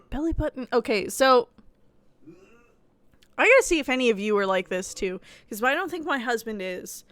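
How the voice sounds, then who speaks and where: A woman streamer chatting casually while she games at home, blunt and quick to laugh. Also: fairly high pitch, a bit bright, no echo. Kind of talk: casual live-stream chat while gaming.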